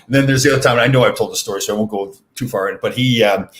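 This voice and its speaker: An older man in his sixties rattles off stories at a quick clip in a fairly low voice. He tells his anecdotes animatedly, stumbling over restarts. It's relaxed podcast chat. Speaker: podcast host and former pro hockey player. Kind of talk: casual storytelling chat.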